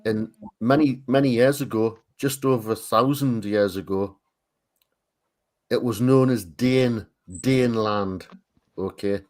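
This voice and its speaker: A man with a Northern English accent from Tyne and Wear talks in a relaxed group chat. His voice sits on the low side, and he often stops and repeats himself as he reaches for the next word. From Northern England. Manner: halting, repeats words while searching for them. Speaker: art stream co-host. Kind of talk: casual group chat on a livestream.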